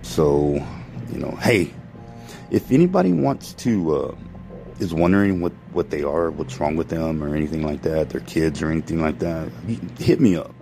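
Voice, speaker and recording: Man, very deep voice, fry, profane rambling vlog rant. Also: expressive, moderate pace, mellow, soft background music, low-quality recording. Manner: profane, ranting, self-interrupting. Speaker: vlogger. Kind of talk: rambling monologue to followers.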